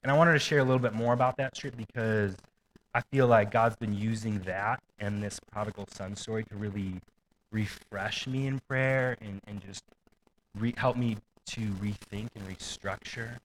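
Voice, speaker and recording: A man's voice: fairly low pitch, fairly even intonation, normal speed, a little hiss or hum, poor audio. A man preaching a sermon in a casual, conversational way, with asides and light laughter. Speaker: pastor.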